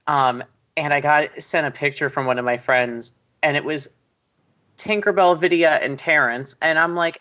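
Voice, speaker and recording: A man co-hosting a casual podcast, an animated storyteller who jumps into high squeaky quotes. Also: normal speed, dull audio. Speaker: podcast co-host.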